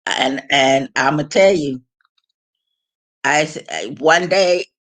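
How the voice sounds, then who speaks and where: A woman's voice: low voice, slow pace, fairly bright tone. A woman vlogger telling casual stories in a frank, rambling way, laughing and restarting as she goes. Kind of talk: casual storytelling.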